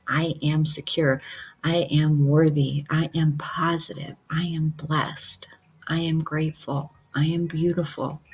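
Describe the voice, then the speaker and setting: Low, breathy, slow-talking woman. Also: a little mellow, low-quality recording. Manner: earnest, repeats affirmations, many fillers. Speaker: QHHT practitioner. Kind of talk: casual talk to camera.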